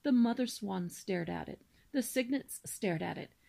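A woman reading a children's novel aloud in a steady storybook manner, with small slips now and then. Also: mid-range voice, normal speed, gravelly. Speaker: reader.

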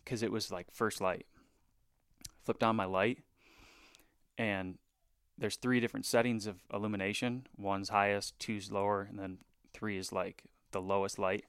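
Smooth-voiced man telling a hunting story. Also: on the low side, unhurried, pauses often, no room sound, studio quality. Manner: animated, filler-heavy retelling with hushed asides. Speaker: bowhunter guest. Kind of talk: casual podcast storytelling.

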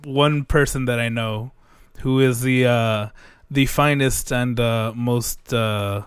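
A man with a mid-pitched voice jokes around and teases his co-hosts on a podcast. His talk is loose banter. The recording is dry and close, with no room sound. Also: fairly even intonation, takes it slowly, clear, resonant tone, no echo. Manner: teasing, jokey banter. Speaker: podcast co-host. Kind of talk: casual chat.

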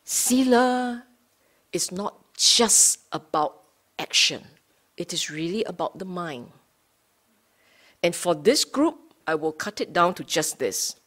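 A woman with a lowish voice gives a Dhamma talk to a small group of students. She speaks very slowly and deliberately, restating her points and stopping to check in with her listeners. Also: animated, fairly bright tone. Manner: unhurried, often checks in with listeners; rephrases and repeats points for emphasis. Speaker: Buddhist Dhamma teacher.

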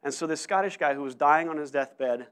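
A man preaching a sermon to his church, telling stories in an animated way with frequent restarts. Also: on the high side, brisk, clean tone. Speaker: pastor.

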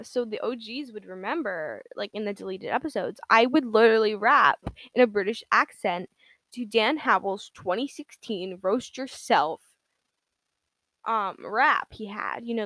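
A woman's voice: mid-range voice, fairly bright tone, no room sound. Giggly rambling young woman podcaster. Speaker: podcast host. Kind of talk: casual solo podcast monologue.

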